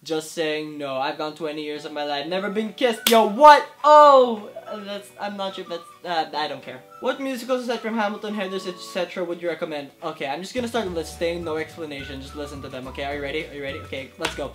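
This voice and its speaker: A man in his twenties answering viewer questions to camera, excitable and gushing, with faint music behind. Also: a little high, fast talker, hardly any pauses. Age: 20s. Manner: excitable, gushing, lively swings in loudness. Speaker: YouTube creator. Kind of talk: casual Q&A vlog to camera. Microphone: camera in front of him.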